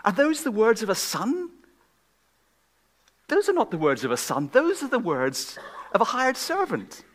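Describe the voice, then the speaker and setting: Guy preaching, fairly high voice, goes loud then whispery. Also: huge pitch swings, measured pace. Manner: swings from loud emphatic questions to hushed whispers. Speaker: guest preacher. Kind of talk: sermon. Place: church gathering.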